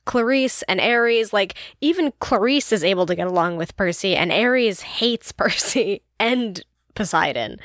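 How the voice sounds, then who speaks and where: A woman's voice: mid-range voice, animated, unhurried, few pauses, a bit bright, no room sound. Female co-host, giggly, filler-heavy casual talk, dry close sound. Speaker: podcast co-host. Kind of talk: casual book discussion.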